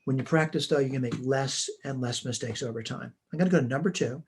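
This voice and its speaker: A man's voice: medium pitch, fast talker, slight background noise. A man teaching a recorded math lesson, working through homework problems step by step in a plain, methodical way. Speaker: math instructor. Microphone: computer mic while writing on a tablet.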